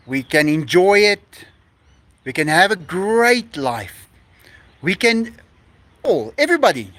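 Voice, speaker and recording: A man's voice: a little high, fairly bright tone. A man hosting a casual live stream outdoors on a rooftop, effusive and laughing often as he reads out donations.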